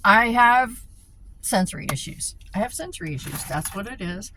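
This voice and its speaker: A woman's voice: mid-range voice, expressive, moderate pace, pushed and bright, a little hiss or hum. A woman vlogging a casual rant, swearing freely, laughing often and repeating herself.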